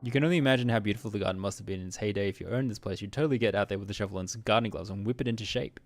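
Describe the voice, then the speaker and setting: A man streaming a visual novel, reading its narration briskly and muttering asides while laughing at himself. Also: on the low side, no echo.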